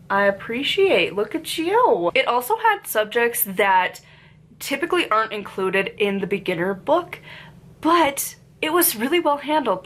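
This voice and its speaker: Chatty woman with a lingering cold. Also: fairly high pitch. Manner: chatty, lots of "like" fillers, animated asides. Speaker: book reviewer and witchcraft author. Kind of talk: casual rambling book review.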